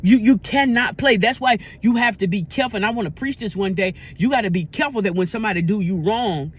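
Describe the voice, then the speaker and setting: A man's voice: high voice, fast, slightly rough. A man vlogging in a casual, preachy style, earnest and repetitive, with a sermon-like cadence. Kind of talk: casual preachy vlog talk.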